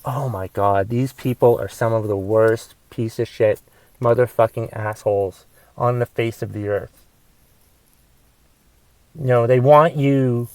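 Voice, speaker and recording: A young man hosting a comedy podcast, delivering a profane solo rant that swings between shouting and mumbled asides. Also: mid-range voice, dry recording. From United States. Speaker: podcast host and stand-up comedian.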